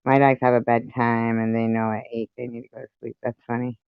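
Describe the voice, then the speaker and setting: A man's voice: mid-range voice, monotone, fairly quick, clear, resonant tone, dry recording, lo-fi sound. A man hosting a livestream in casual chat, rambling to his viewers and cursing at his pets between topics. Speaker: livestream host. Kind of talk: casual chat with a live audience.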